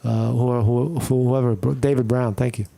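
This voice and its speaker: A man's voice: mid-range voice, steady tone, measured pace, vocal fry, warm tone. A man doing blunt, profane live-stream commentary, rambling and restarting as he reacts to news.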